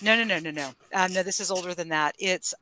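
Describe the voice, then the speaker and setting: A woman's voice: on the low side, fast talker, a crowd in the background. A woman co-hosting a casual talk show, enthusiastic and meandering. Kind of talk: casual chat.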